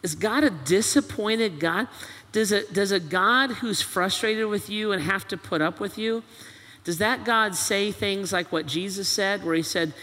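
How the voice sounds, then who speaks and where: High, bright-voiced preacher in a reverberant hall. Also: male voice, unhurried. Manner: presses with repeated rhetorical questions. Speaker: pastor. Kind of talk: sermon. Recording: long reverb of a large hall.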